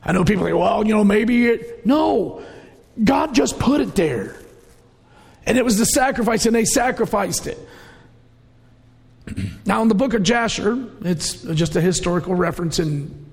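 A middle-aged man preaching with feeling, his voice pitched high and rough with fry. He tells the story dramatically and at times pushes up to a shout. The sound rings out in a long hall reverb. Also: animated, normal speed, long pauses. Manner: storytelling, emotional, rising to shouts. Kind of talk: sermon.

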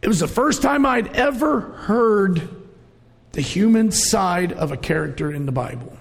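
A middle-aged man preaching a sermon, telling the story with strong emotion and sudden raised, shouted moments. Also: sits high, animated, unhurried, vocal fry. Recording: long hall reverb.

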